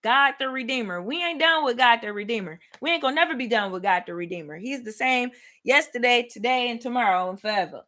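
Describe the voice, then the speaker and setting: Excited woman host, high bright voice, big swings in pitch, chatty and animated Bible teacher. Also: fast talker. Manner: animated, laughing, talks to viewers as y'all. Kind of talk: livestream Bible study, excited casual teaching.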